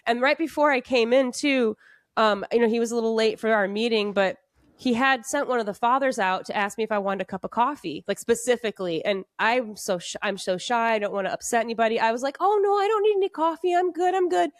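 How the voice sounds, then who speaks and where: A woman's voice: on the high side, a little fast, dry recording. Chatty woman podcast host, dry sound. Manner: chatty, rambling, many "like" fillers and restarts. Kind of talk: casual chat.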